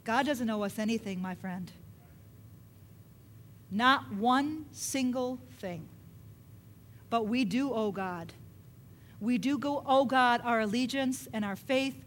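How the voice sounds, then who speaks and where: A woman preaching a sermon, retelling scripture with animated, dramatic delivery. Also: high voice, slow pace, pauses often.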